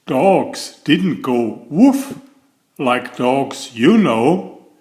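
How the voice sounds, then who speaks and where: A man reads a children's picture book aloud at a very slow, deliberate pace. His voice swoops up and down with lively expression as he draws the young listener in playfully. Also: mid-range voice. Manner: animated, drawn-out, playful to children. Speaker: storybook reader.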